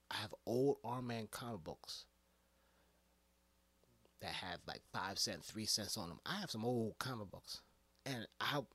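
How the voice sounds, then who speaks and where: Animated man ranting, pitch jumping everywhere. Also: dry recording. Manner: animated, profane, swings from hushed to shouting. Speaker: EMT giving movie reactions. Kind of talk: casual rant to camera.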